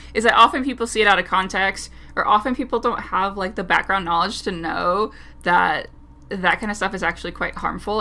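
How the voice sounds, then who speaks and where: A woman's voice: lowish voice, vocal fry, pushed and bright. A woman co-hosting a casual podcast chat, laughing often and talking in loose, hedging run-on sentences. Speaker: podcast co-host.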